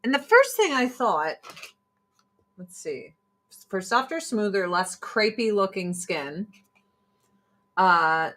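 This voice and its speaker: Her medium-pitched voice moves slowly, pausing often, as she rants on a casual livestream selling products. She swears a lot and is animated, imitating others in mocking voices when she quotes them.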